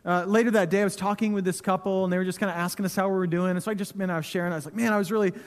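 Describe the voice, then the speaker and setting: A man in his thirties preaching a sermon in a church, telling stories in a relaxed, conversational way with touches of humor. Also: sits high, rapid-fire. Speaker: pastor. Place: church sanctuary. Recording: long hall reverb.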